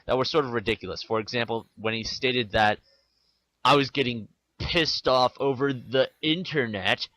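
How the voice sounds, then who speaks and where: A man's voice: mid-range voice, moderate pace, pushed and bright, no room sound, low-quality recording. A man ranting in an angry vlog, defensive and swearing. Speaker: video maker ranting to the camera.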